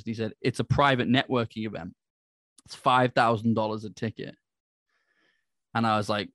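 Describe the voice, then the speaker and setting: A man telling a business story in a casual, animated way, acting out the dialogue. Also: fairly low pitch, brisk, dry recording, studio quality. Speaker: business speaker. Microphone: handheld microphone.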